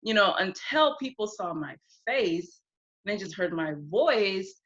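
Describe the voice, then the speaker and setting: Bright-voiced young woman, lo-fi call. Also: mid-range voice, expressive, measured pace. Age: 20s. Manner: chatty storyteller, often acts out quotes. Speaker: guest. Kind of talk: casual interview chat.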